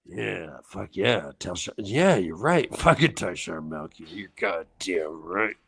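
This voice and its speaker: A proud male warrior swaggers in a gruff voice pitched well below normal, as a man puts him on. He sounds cocky and blunt. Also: very animated, slow, fairly bright tone, dry recording, full character voice. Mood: swaggering. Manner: low, swaggering.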